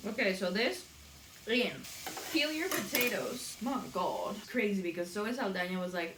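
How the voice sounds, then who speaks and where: A woman's voice: medium pitch, expressive, fairly quick, fairly bright tone, a little hiss or hum. A woman hosting a cooking video, gossiping bluntly and swearing freely as she cooks in her home kitchen. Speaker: cooking channel host. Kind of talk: casual rant while cooking. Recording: roomy kitchen echo.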